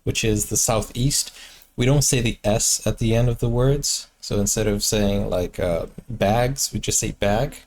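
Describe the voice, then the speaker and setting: A man's voice: lowish voice, moderate pace, a little mellow. Brazilian man hosting a casual reaction video. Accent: Brazilian Portuguese. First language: Portuguese. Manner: chatty, hesitant, with many fillers and restarts.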